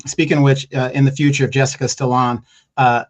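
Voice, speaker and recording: A man co-hosting a live stream, explaining a point earnestly with some halting starts. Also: mid-range voice, level tone. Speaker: co-host. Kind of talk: casual live-stream chat.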